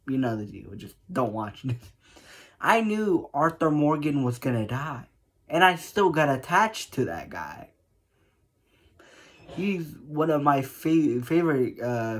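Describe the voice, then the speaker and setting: A man vlogging in a casual, emotional way about a game, laughing often and rambling with restarts. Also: mid-range voice. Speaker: gaming vlogger. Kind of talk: casual monologue.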